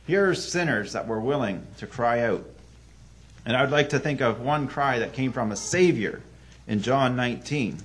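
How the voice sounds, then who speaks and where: Male preacher, evening sermon, earnest storytelling, voice jumps loud then drops soft, mid-pitched. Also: expressive, normal speed.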